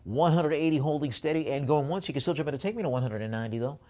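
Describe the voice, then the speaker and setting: A man's voice: on the high side, mellow, highs cut off. Man calling bids at a live auction. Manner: brisk bid calling with jokey asides.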